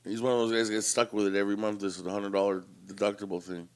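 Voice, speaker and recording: A man co-hosting a podcast, telling a family story in an animated, profane way. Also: on the low side, fast talker, clear, resonant tone. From Canada. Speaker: podcast co-host. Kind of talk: casual storytelling.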